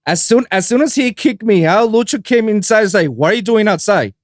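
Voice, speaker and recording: A man's voice: high-pitched, lively intonation, brisk, no room sound, studio quality. A man from Puerto Rico hosting a podcast, telling stories in casual chat, acting out quotes and swearing casually. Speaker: podcast host.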